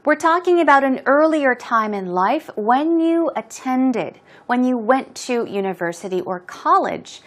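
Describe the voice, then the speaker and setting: A woman's voice: sits high, expressive. A woman teaching English expressions, explaining words patiently and modeling pronunciation. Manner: clear, patient, drawn-out teaching delivery.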